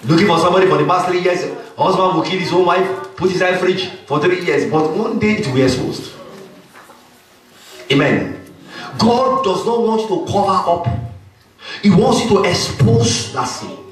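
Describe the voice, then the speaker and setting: Pastor, male, high voice, emphatic sermon, recorded far from the mic in a very echoey hall. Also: moderate pace. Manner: emphatic preaching punctuated by frequent "Amen".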